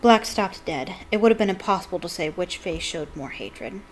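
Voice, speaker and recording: A woman's voice: on the low side, expressive, moderate pace. A woman hosting a channel, reading a novel aloud expressively and adding playful asides. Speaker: book reader and channel host.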